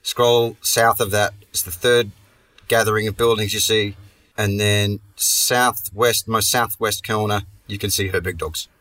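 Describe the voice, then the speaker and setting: A man's voice: on the low side, fairly even intonation, a little slow, bright, forceful tone, recorded from a distance. A man hosting a comedy podcast, telling a long story in a rambling, sweary way and restarting his sentences often. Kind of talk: casual comic storytelling.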